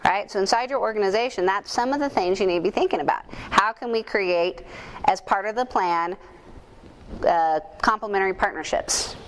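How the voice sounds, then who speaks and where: A woman's voice: mid-range voice, moderate pace, slight background noise. A woman speaking at a conference into a microphone, telling stories and asking the audience questions, with jokes at her own expense. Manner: animated storyteller, asks the audience questions, jokes at herself. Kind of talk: lively keynote talk to an audience. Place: conference room at a chamber of commerce. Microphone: handheld or stage microphone.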